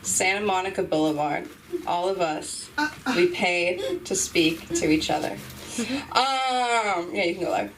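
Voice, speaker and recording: On a comedy club stage, a young woman hosts an open mic and performs a loose, self-mocking stand-up set that rambles and breaks into sudden yelps. Her voice is lowish and a little slow. She's far from the mic in a noisy room.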